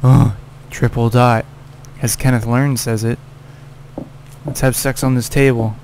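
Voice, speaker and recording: A man's voice: medium pitch, flat delivery, a little slow, a little hiss or hum. A man giving casual gameplay commentary, cursing and scolding the game character. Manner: profane, exasperated, yelling at the game character. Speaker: let's play gamer.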